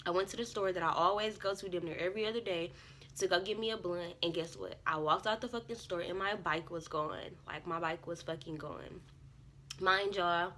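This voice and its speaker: A young woman vlogger telling a casual storytime, animated and profane, often jumping into loud quoted self-talk. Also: mid-range voice, slight background noise.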